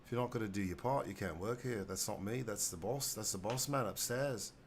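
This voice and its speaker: A man's voice: on the low side, fairly quick, slight background noise, close to an everyday voice. A man putting on a British accent to play a stern, scolding male boss. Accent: put-on British. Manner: blunt, bossy, mocking.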